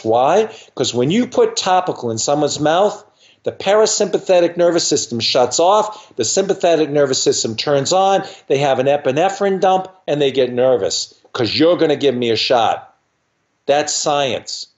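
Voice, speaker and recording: A man in his sixties, a dentist guest on a podcast, telling anecdotes in a lively way and acting out other people's voices in quick asides. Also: a little high, muffled recording. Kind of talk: animated anecdotal storytelling.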